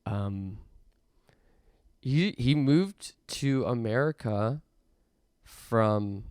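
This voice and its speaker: A young man hosting a podcast, rambling through an absurd comic monologue in a deadpan way with mock rants. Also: medium pitch, drawn-out words, clean tone, no echo, studio quality. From Canada. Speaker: podcast host.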